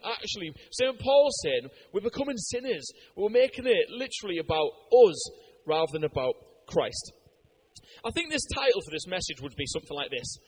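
An English man from Britain preaches a conversational sermon full of anecdotes, delivered with lively animation and plenty of fillers. His voice sits high, and there's slight background noise.

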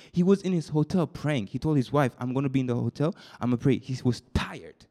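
This young man preaches to a youth group as a fast talker with few pauses. He goes from soft and confiding to high and excited, often repeating words and restarting sentences.

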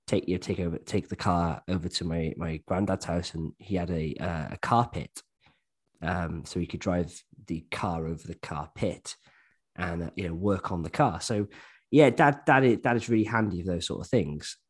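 Man, podcast co-host, casual chat, low-ish voice, playful mimicry. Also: moderate pace, breathy edge. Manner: chatty, slips into mimicking voices.

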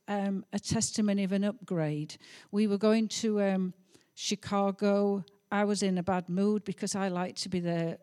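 A woman's voice: medium pitch, warm tone. A middle-aged woman telling a heartfelt testimony story during a sermon, with some hesitations. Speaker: pastor's wife.

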